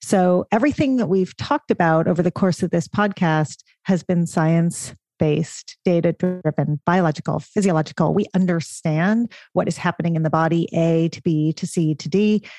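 A woman co-hosting a podcast speaks in a fairly low voice. She stresses key points emphatically and keeps an enthusiastic tone. The recording is dry and close. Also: moderate pace, few pauses, no echo. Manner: warm, emphatic, enthusiastic questioner. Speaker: podcast co-host. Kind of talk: podcast interview.

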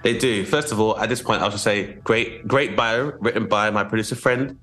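A man's voice: fairly low pitch, normal speed, fairly bright tone, faint music behind. A man hosting a comedy podcast, riffing in a loose, jokey, rambling way. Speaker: podcast host. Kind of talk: casual comedy podcast chat.

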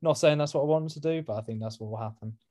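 Hesitant man trailing off quietly. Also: a little high, racing. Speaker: guest fan. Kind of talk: casual football chat.

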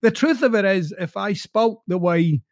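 A Scottish man with a softened Glasgow accent talks straight to his podcast listeners in a blunt, coaching way, swearing as he goes. His voice sits high for a man with a gravelly fry. The sound is close and dry. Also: a little slow, dry recording. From Scotland. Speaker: podcast host. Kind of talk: motivational podcast monologue.

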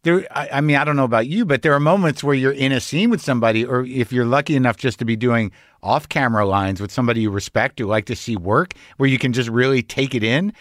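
A man's voice: medium pitch, fast, few pauses, dry recording, studio quality. A man hosting a casual conversation, rambling loosely and swearing as he tells stories. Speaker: host, actor.

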